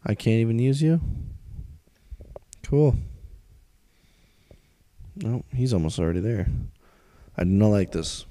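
A man's voice: fairly low pitch, expressive, slow pace, long pauses, warm tone. A man playing through a strategy game, commenting as he goes and swearing a lot as he complains about the game's unfairness. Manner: profane, grumbling, calls out the game's unfairness. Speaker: let's play gamer.

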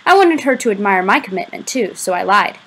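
In a brisk, husky mid-range voice, a woman performs an audiobook of a novel, giving its first-person narration a lively, expressive delivery. The audio quality is poor.

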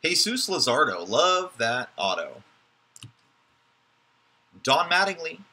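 A man's voice: on the high side, sing-song, slow, bright, forceful tone, husky. A man hosting a live card break, giving chatty, joking running commentary as he opens packs.

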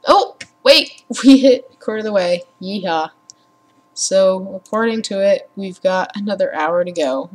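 Slow-talking sarcastic young woman. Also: medium pitch. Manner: sarcastic, swears a lot, ranting. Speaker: gaming vlogger. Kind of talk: casual rambling chat. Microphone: computer mic with headphones.

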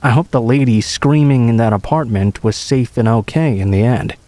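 A man reading true horror stories aloud in a calm, even storytelling manner. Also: mid-range voice, normal speed, no echo. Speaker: narrator. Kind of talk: scripted narration of horror stories.

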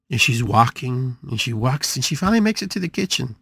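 A man's voice: mid-range voice, very animated, fairly quick, gravelly, hardly any pauses, a bit bright, breathy edge, no echo, studio quality. A man hosting a spiritual podcast, telling a story with emphatic, dramatic repetition. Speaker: podcast host.

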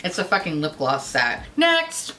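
Woman, beauty vlogger, casual profane chat, lively pitch. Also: brisk, very noisy. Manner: profane, animated and bubbly. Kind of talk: casual makeup review chat.

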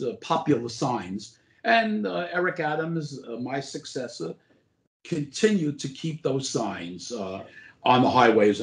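An older man who is a former borough president, telling stories as an interview guest in a rambling way, with lots of "uh" and restarts. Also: mid-range voice. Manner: rambling anecdotes full of "uh" and restarts. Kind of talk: casual interview storytelling. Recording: roomy echo.

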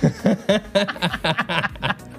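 A man with an Irish accent doing an impression of a cocky, brash fighter, slow and swaggering. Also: sits high, creaky, fairly bright tone, faint music behind, voice pushed up, heavily acted. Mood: boastful.

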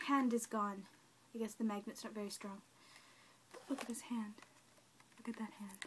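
A young woman who gushes excitedly and chats to her new doll while unboxing it on camera, kneeling on the floor at home. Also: fairly high pitch, a little slow, long pauses, a little hiss or hum. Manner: gushing, excitable, talks to the doll. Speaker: doll collector vlogger. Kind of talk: casual unboxing chat. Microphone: camera mic.

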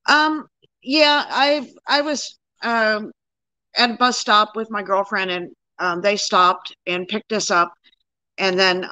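A woman's voice: medium pitch, sharp tone, no echo, low-quality recording. A woman in her sixties, a guest plainly recounting her own experience in a casual interview.

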